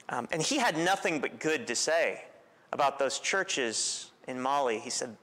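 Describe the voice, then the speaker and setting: A man's voice: mid-range voice, normal speed. Male preacher, conversational sermon, storytelling, long church reverb. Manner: relaxed, storytelling, self-deprecating humor. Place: church sanctuary.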